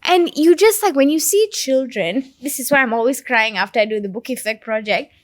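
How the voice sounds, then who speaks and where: A woman's voice: high-pitched, animated, brisk, no room sound. A woman speaking in a heartfelt way during a reflective conversation, telling stories.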